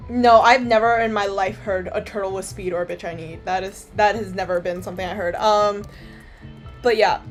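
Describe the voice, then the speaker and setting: A woman's voice: mid-range voice, steady tone, normal speed, soft background music. A young woman from Canada, chatting casually to her stream viewers in a rambling, filler-heavy way and swearing freely.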